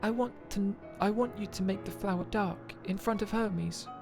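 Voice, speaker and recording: A woman voicing a gentle, earnest young female being in a video game, speaking softly and pleadingly. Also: mid-range voice, normal speed, creaky, close to an everyday voice. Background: faint game music.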